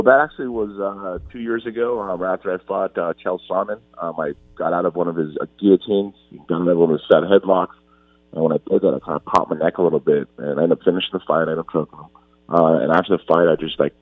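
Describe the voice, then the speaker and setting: A man's voice: deep voice, no room sound, narrow, tinny audio. A man in his forties talking earnestly as an interview guest, often restarting and repeating himself. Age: 40s. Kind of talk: casual interview talk.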